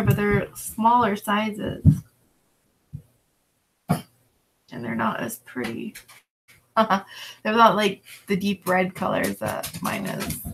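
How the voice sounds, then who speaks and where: Slow, gravelly woman chatting at home. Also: medium pitch, a little hiss or hum, poor audio. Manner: relaxed, rambling, talks to her pets in between. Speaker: reseller vlogger. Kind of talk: casual chat while working. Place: at home with dogs and a cat around.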